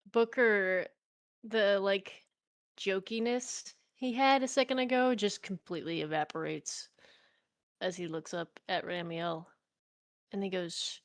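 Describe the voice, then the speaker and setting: Ernste Spielerin, trocken aufgenommen. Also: female voice, mid-range voice, steady tone, measured pace, no echo. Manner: earnest, defensive, hesitant restarts. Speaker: player. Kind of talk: tabletop role-play, narrating her character.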